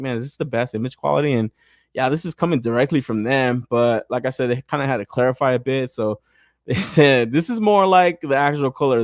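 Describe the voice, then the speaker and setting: A young man hosts a toy podcast in loose, profane chat, swinging between laid-back talk and mock rants full of laughter. His voice sits at a middle pitch, and the recording is close and dry with no room sound. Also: no echo. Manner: profane, animated, frequent laughter. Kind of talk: casual chat.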